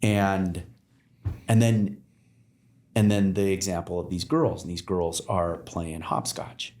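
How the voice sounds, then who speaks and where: A man's voice: low voice, fairly even intonation, slow, darkish tone. Rambling man in a roomy room. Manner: rambling storyteller with many fillers and restarts. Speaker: podcast guest. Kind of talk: casual conversation. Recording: roomy echo.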